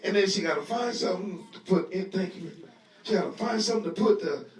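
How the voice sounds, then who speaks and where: A man teaching a Bible lesson to a live audience in a lively sermon style, talking conversationally, acting out scenes, and leading call-and-response. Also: high voice, quick pace. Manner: conversational, acts out scenes with voices. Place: room at a live gathering. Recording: echoey live room audio, voice distant.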